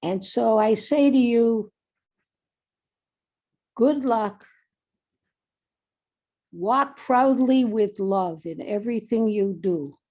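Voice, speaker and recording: A woman's voice: fairly high pitch, very slow, long pauses, warm tone. A woman giving a commencement address, urging the graduates earnestly and telling a story. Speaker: commencement speaker.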